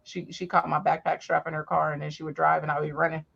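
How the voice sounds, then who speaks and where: Brief: woman podcast host, mid-pitched, lively storyteller, crude, a bit muffled sound. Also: fast talker, gravelly, background noise. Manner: animated, profane, swings high when acting out quotes. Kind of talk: casual storytelling chat.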